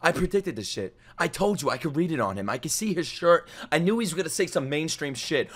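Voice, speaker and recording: A man reacting to a video as a streamer, talking loudly and excitedly, swearing often and breaking into sudden outbursts. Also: fairly high pitch, a little fast, hardly any pauses. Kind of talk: anime reaction commentary.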